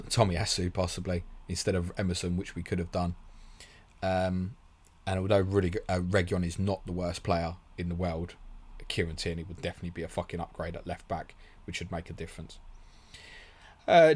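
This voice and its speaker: A man hosting a casual live stream, reading out viewer questions and answering bluntly with swearing and laughs. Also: low voice. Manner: blunt, swearing, laughs often, reads comments aloud quickly. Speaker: host of a fantasy football stream.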